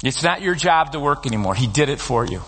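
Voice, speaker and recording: A man preaching a sermon as pastor, talking in a relaxed conversational storytelling way. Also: medium pitch, fast talker. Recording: long reverb of a large hall.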